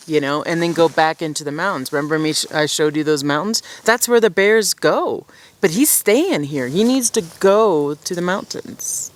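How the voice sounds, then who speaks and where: A woman's voice: deep voice, lively intonation, normal speed. Chatty woman vlogging outdoors. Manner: chatty, rambling, laughs at herself. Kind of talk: casual chat to camera. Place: outdoors at a mountain campsite at dusk.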